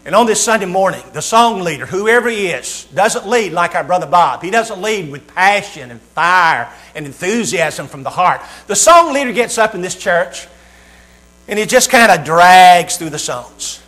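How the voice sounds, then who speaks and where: A man's voice: high voice, lively intonation, normal speed, a bit bright. A man preaching a sermon, reading scripture and telling a humorous story with acted-out voices.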